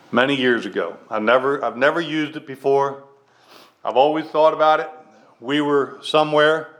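High-voiced emphatic preacher man. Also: a bit bright. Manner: preaches with emphatic repetition and drawn-out slow phrases. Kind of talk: sermon.

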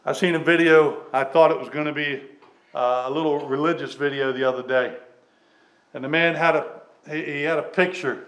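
A man preaching a sermon in an earnest, halting way, with restarts and fillers, loud on key lines and dropping quiet at their ends. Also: medium pitch, low-quality recording. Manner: swings between loud emphatic lines and dropped, quiet endings.

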